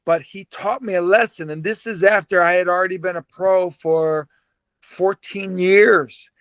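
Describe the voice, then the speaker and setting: Guesting on a relaxed interview, a man in his fifties who once boxed professionally spins lively stories, laughing a lot and often repeating himself. He has a high voice and a measured pace, and the recording carries no echo.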